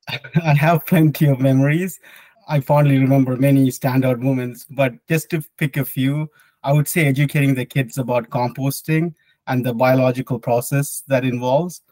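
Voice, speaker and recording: A man's voice: medium pitch, fairly even intonation, moderate pace, warm tone, no room sound, rough recording. A young man, an engineer, answering interview questions in a sincere, reflective way. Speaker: hydrological engineer and board member.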